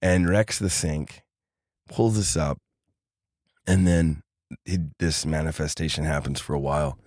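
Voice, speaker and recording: A man telling a personal story on a podcast with lively energy, acting out the people in it. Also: extremely low pitch, a little slow, no echo, clean studio sound. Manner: animated storyteller acting out quoted voices. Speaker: podcast guest. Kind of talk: casual storytelling.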